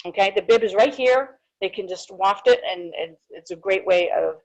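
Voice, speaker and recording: Woman, dental hygienist, live webinar presenter, casual, chatty, informal, medium pitch. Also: normal speed, highs cut off. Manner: chatty, informal, frequent fillers and restarts.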